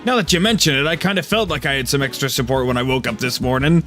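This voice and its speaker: A man's voice: medium pitch, fast talker, fairly bright tone, faint music behind, voice pushed up, close to an everyday voice. A man voicing a crude, swaggering male yakuza boss with a put-on New York accent while playing a game on a stream. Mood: teasing. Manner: swaggering, profane, teasing.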